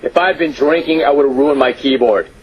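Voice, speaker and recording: A man's voice: medium pitch, muffled recording, a little hiss or hum. Man hosting a radio sports talk show. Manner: amused, incredulous, drawn-out emphasis. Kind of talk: radio talk show, reading listener emails. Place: radio studio.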